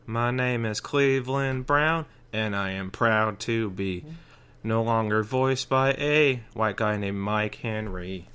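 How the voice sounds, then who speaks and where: A man doing a comic impression of a mellow middle-aged male cartoon dad, with a slow, easygoing drawl. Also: lowish voice. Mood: proud. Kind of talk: comic impression in podcast banter.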